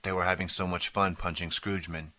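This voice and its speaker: A man's voice: sits low, flat delivery, a little fast, sharp tone, dry recording. A man reading a children's horror story aloud as an audiobook narrator, in dramatic first-person storytelling. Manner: dramatic storytelling, turns pleading for the boy's lines.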